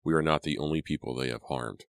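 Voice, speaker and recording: A man's voice: a bass voice, quick pace, gravelly, no room sound. A man voicing a grim, obsessed colonial father who talks solemnly.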